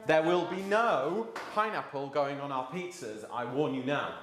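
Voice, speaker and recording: A man's voice: fairly high pitch, normal speed, fairly bright tone, echoey room. A man hosting a live cooking class from his home kitchen, chatting and joking with his daughter while he explains each step.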